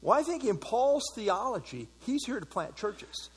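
Male pastor, slightly high pitch, conversational Bible study teacher who quizzes his audience. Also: sing-song, measured pace, husky. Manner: conversational, asks the audience questions, many fillers.

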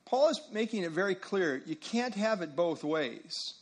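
A man's voice: high-pitched, animated, unhurried. Emphatic man leading a Bible study. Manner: emphatic, repeats words for stress.

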